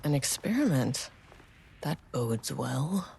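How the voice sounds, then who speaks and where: A terse, gravelly game agent. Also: female voice, big pitch swings, takes it slowly, darkish tone, a little hiss or hum, full character voice. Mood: muttering. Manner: terse, low-key remarks to herself. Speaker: game protagonist. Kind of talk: video game voice acting.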